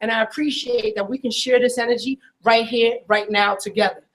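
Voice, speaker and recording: A man from Newark, New Jersey, giving a loud, pumped-up motivational talk as a coach and calling on the crowd to clap. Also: very high voice, steady tone, fairly quick, soft background music. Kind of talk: hype motivational speech to a crowd. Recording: noisy room recording.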